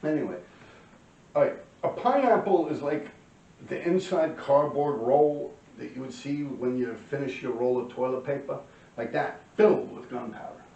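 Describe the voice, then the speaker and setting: A man, telling profane street stories to camera and clearing his throat often. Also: medium pitch, moderate pace, dark tone. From New York. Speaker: vlogger telling life stories. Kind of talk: casual storytelling to camera. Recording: roomy, distant, dull-sounding.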